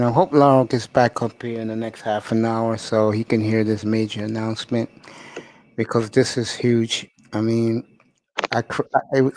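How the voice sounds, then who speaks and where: A man's voice: lowish voice, a little mellow, no echo. Man, talk host, affectionate, emotional, dry close sound. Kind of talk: casual chat.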